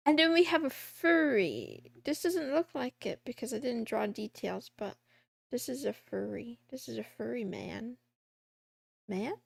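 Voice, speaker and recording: A woman streamer with a high, slightly gravelly voice, rambling casually as she draws. She talks in an unhurried way, giggling at her own jokes, with a dry, close sound. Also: no echo. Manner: rambling, giggly, joking with herself. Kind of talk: casual chat while drawing a comic.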